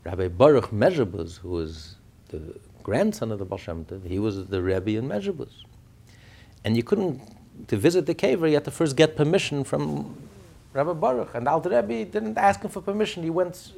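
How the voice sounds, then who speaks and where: With a slightly high, creaky and somewhat rough voice at normal speed, a man teaches a Torah class as a rabbi. He tells stories animatedly, asking rhetorical questions and performing the quoted speakers' lines.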